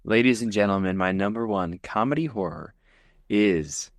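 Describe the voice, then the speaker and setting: Animated man retelling a film. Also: lowish voice, moderate pace, dry recording. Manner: animated storyteller, acts out scenes. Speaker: podcast co-host. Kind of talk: casual podcast chat.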